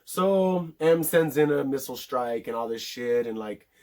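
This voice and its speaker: A man's voice: medium pitch, animated, moderate pace, a little mellow. A man casually recapping a movie in a rambling, profane way, full of filler words. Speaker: film reviewer.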